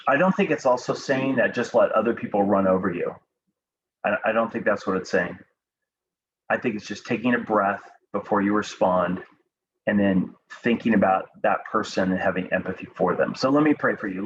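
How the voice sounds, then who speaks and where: A man giving a devotional talk and prayer to students, speaking calmly and unhurriedly with frequent ums and restarts. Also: on the low side, moderate pace. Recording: dull lo-fi recording with faint background noise.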